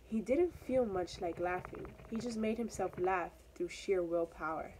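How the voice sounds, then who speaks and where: A young woman, a student, reading a children's story aloud with steady, expressive storytelling. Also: on the low side, unhurried, a little hiss or hum, poor audio. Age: teenager or young adult. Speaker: student reader.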